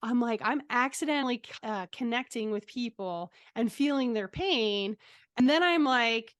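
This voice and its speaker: Chatty woman guest, bright dry voice. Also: on the high side, moderate pace, no room sound. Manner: chatty and animated, laughs often, many ums. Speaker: guest, transformational coach. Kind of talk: personal storytelling in an interview.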